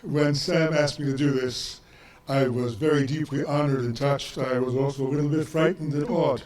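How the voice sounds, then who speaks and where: An older man reading a prepared talk as guest speaker, measured and earnest. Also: medium pitch, steady tone, a little mellow. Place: lecture hall. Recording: roomy lecture hall, distant mic.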